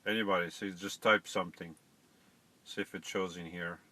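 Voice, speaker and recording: A man's voice: sits low, fairly even intonation, moderate pace, pushed and bright. A middle-aged man hosting a casual live stream, chatting to viewers and fumbling with settings.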